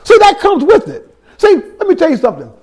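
High-voiced man preaching his testimony. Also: huge pitch swings, a little fast, darkish tone. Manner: storytelling with street slang and scripture; repeats words and restarts. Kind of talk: sermon testimony.

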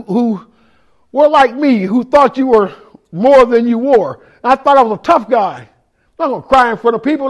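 Talking straight to the room, a man in ministry tells his testimony in an extremely high voice. His sermon is raw, emotional and street-casual, climbing into shouts.

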